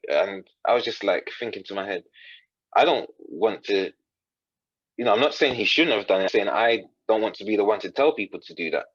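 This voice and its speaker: Low-voiced earnest man telling a story. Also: lively intonation, fairly quick, husky, dry recording, highs cut off. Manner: earnest, retells dialogue in quotes with frequent restarts. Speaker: coach, podcast guest. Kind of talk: storytelling in a conversation.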